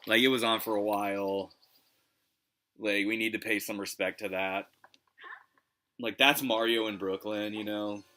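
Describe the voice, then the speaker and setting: A man's voice: lowish voice, little pitch movement, unhurried, pauses often, sharp tone, a little hiss or hum. A man streaming retro gameplay live, rambling in casual chat and swearing freely. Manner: rambling, swears, lots of restarts. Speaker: gaming streamer.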